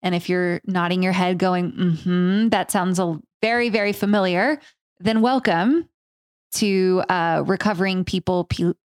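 Woman host, intimate spoken-word storyteller, slow and deliberate, dry close mic, earnest with casual swearing. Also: lowish voice, fairly even intonation, no echo.

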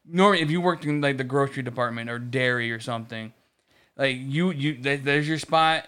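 A man's voice: medium pitch, fairly bright tone, clean tone. A man in casual chat, telling a long story about work with lots of restarts and swearing. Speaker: podcast co-host.

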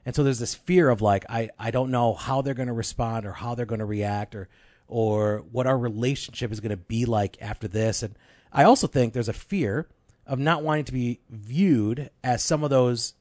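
A man's voice: medium pitch, moderate pace, no room sound. A man in his thirties, a pastor, talking casually on a podcast. He tells stories with animation and jumps into the voices of people he quotes. The sound is close and dry, with no room around it. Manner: animated storyteller who acts out quoted voices.

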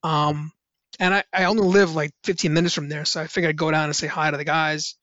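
A man's voice: a little high, flat delivery, fast talker, fairly bright tone, dry recording, muffled recording. A man, a musician, telling rambling casual stories with lots of fillers and restarts. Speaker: musician guest on a podcast. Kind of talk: casual anecdotal storytelling.

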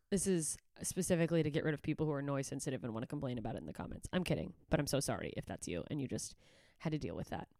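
A woman's voice: extremely low pitch, very animated, quick pace, creaky, darkish tone, no room sound, studio quality. A young woman hosting a solo podcast, ranting profanely and sarcastically, slipping into mocking voices, a little congested. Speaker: podcast host.

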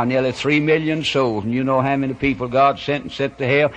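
A man preaching a fiery revival sermon, moving from quiet storytelling to loud impassioned warnings. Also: medium pitch, fairly even intonation, a little fast, few pauses. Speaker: evangelist preacher. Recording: dull lo-fi old sermon recording.

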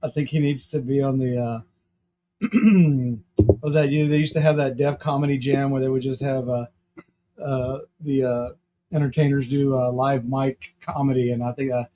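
A man, a podcast host chatting casually in a halting way with many fillers. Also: mid-range voice, fairly even intonation, dark tone, lo-fi sound, slight background noise. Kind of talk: casual chat.

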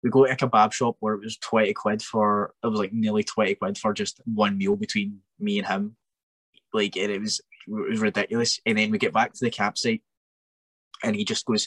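A man's voice: on the low side, little pitch movement, brisk, a bit bright, breathy edge, no room sound. Scottish man telling a story in a rant. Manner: ranting, exasperated, with many restarts. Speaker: wrestler guest. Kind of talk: animated storytelling.

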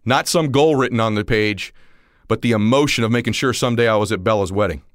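A man in his forties giving a motivational talk, telling stories and acting out the dialogue, at times rising almost to a shout. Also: fairly low pitch, fast, dry recording, clean studio sound. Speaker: motivational speaker.

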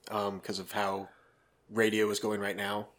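A man's voice: on the low side, monotone, a little slow, a bit bright. A man guest on a podcast, answering briefly and matter-of-factly. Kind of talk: casual chat.

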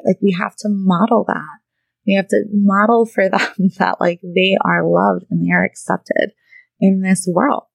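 A woman in her thirties talks in a loose, conversational way, checking in with "right?" and "you know" as she goes. Her mid-range voice carries a heavy gravelly fry, and the recording is dry and close. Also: medium pitch, darkish tone, no room sound, poor audio. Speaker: podcast host and therapist. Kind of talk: casual monologue.

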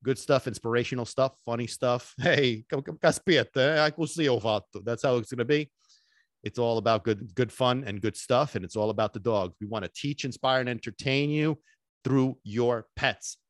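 A man's voice: medium pitch, normal speed, dry recording. Pumped-up guy doing his dog trainer podcast, throws in sicilian bits, swears a bit, dry close sound. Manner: excitable and emphatic, drops in Sicilian phrases, swears casually. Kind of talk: energetic solo podcast talk.

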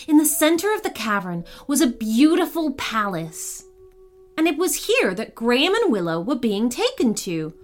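A woman storyteller narrating a children's story in a gentle, expressive way. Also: a little high, normal speed. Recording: soft background music.

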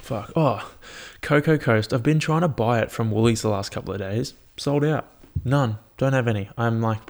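A man's voice: mid-range voice, normal speed, hardly any pauses. A young man, hosting a solo podcast in a rambling, laid-back, sweary way. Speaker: podcast host. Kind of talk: casual solo podcast chat. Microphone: podcast microphone.

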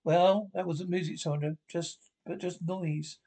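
A man's voice: sits high, fairly even intonation, a little slow, vocal fry, mellow, full character voice. A man reading the part of a prim, nervous young stepmother from a script, speaking in his own voice and saying the cue names aloud. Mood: scolding. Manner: reads cue names aloud before lines.

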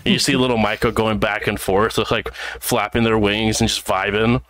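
A man narrating as game master in a tabletop role-playing game, relaxed and loose with fillers. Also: lowish voice, moderate pace, no echo.

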